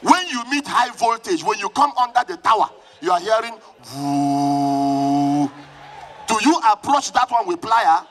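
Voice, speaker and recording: A man with a Nigerian accent preaches at a very high pitch. He drives his sermon with fervor, shouting and calling back to the congregation. The delivery is a live church sermon. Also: expressive, a little fast, few pauses, slight background noise. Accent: Nigerian English. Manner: fervent, often shouting, calls on the congregation to respond. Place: church service.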